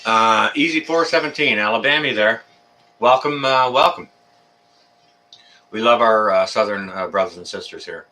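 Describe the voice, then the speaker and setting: Bright-voiced man, chatty and rambling. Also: on the low side, moderate pace, pauses often. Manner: rambling, filler-heavy, friendly banter. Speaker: livestream host. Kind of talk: casual live chat greeting viewers. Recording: voice a bit far from the mic.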